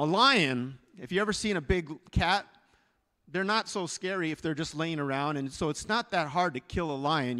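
A man pastor telling a story in a sermon, animated, swinging from hushed to loud, in a church sanctuary. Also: on the high side. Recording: reverberant church hall.

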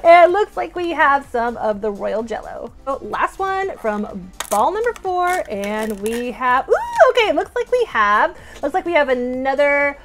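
A woman's voice: high-pitched, sing-song, normal speed. A woman toy collector chatting through an unboxing vlog, gushing with gasps and giggles. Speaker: toy collector and channel host.

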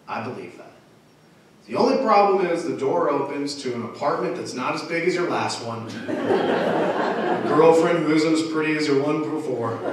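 A man's voice: medium pitch, far from the mic, a little hiss or hum. A young man doing a self-deprecating stand-up comedy set on a club stage. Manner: self-deprecating, animated delivery. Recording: echoey room, mic heard from afar.

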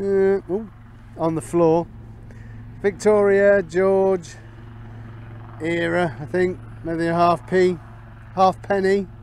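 This middle-aged Englishman, a metal detecting vlogger, keeps up easygoing chatter for his viewers as he works a field, voice slightly raised, pondering every find out loud. His pitch is high, and there's a little hiss or hum on the track.

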